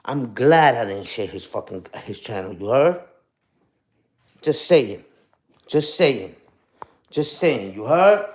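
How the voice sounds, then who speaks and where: A man's voice: medium pitch, animated, slow pace, long pauses. A young man ranting on a casual livestream, profane and combative, ending lines with "you heard?". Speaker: streamer.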